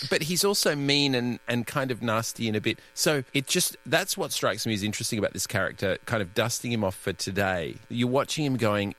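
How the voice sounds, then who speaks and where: A man's voice: mid-range voice, a bit bright. A man interviewing a director on radio, musing thoughtfully. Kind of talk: interview discussion.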